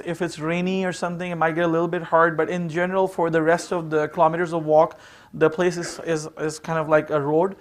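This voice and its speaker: A man giving an informal seminar talk, telling stories in a conversational way with plenty of fillers. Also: on the high side. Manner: conversational, full of "you know" fillers. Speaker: seminar speaker.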